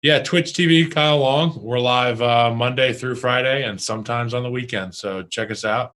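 A man's voice: medium pitch, normal speed, fairly bright tone, low-quality recording. A young man co-hosting a podcast in casual chat, blunt and joking. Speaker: podcast co-host.

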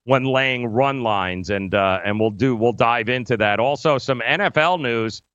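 A male sports radio host rambles through the lineup with plenty of filler words. His voice is smooth and resonant. The studio sound is dry and a bit dull. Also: mid-range voice, a little slow, a bit bright, no echo. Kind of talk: casual sports radio talk.

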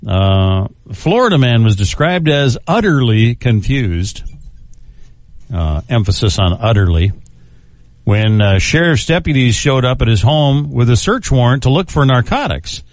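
A man's voice: mid-range voice, very animated, unhurried, dry recording, clean studio sound. A man hosting a radio show, chatting casually through odd news stories, chuckling often and tripping over unfamiliar names. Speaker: radio host.

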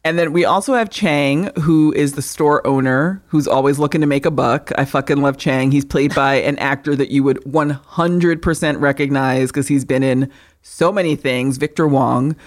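A woman co-hosting a podcast, recapping a movie in casual chat, swearing freely and animated. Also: sits low. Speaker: podcast co-host.

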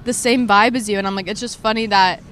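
A young woman in her twenties hosts a casual podcast chat. She talks quickly and anxiously, packing her sentences with "like" and restarts, and her voice sits in an ordinary middle register. A faint hiss of noise runs underneath. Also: steady tone, a bit bright. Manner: quick, high-strung talker full of fillers. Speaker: podcast host.

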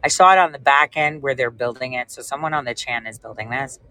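A woman's voice: rumbling low, fast, a little hiss or hum, low-quality recording. A woman hosting a casual livestream chat, telling rambling stories and talking straight to her viewers. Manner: rambling, animated storytelling; speaks directly to viewers.

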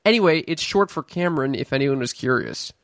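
Joking Chicago comic on a podcast. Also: male voice, medium pitch, lively intonation, a little fast, fairly bright tone, no room sound. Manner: joking, self-deprecating. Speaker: podcast co-host, stand-up comic. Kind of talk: casual podcast banter.

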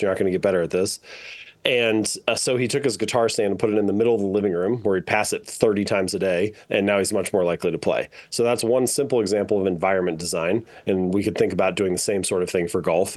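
A man with a somewhat low voice, speaking as a guest on a podcast interview. He explains things in a measured way and fills pauses with frequent ums. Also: darkish tone. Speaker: author and guest.

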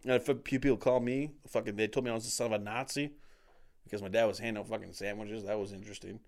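A man's voice: on the low side, racing. A man chatting casually, telling stories with lots of swearing, acting out quotes and laughing often. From Canada. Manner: animated storyteller, acts out quotes in varied voices, laughs often, swears a lot. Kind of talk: casual chat.

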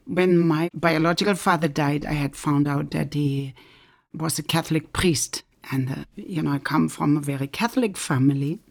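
A middle-aged woman from Germany, introducing her own book with earnest personal storytelling. She often drops into a soft near-whisper. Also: sits low, normal speed, vocal fry. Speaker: author.

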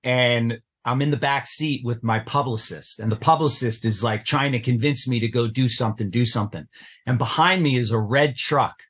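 A man's voice: medium pitch, normal speed, fairly bright tone, breathy edge. Earnest middle-aged man telling his story. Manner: earnest, intense retelling with acted-out quotes. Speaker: podcast guest. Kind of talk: personal storytelling in an interview.

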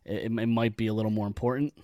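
A man's voice: lowish voice, level tone, rapid-fire, darkish tone, no room sound. A man guesting on a sports podcast, talking casually and at length, often repeating words as he starts a thought.

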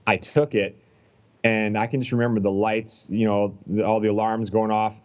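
Low-voiced Canadian man telling stories. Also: moderate pace, rough recording. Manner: animated storyteller who acts out quoted lines. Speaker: guest chiropractor. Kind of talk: casual podcast chat.

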